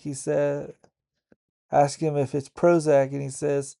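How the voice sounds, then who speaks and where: Slow, gravelly man recapping a TV episode. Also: fairly high pitch, flat delivery, dark tone. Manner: halting, stop-start retelling. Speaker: YouTube reviewer.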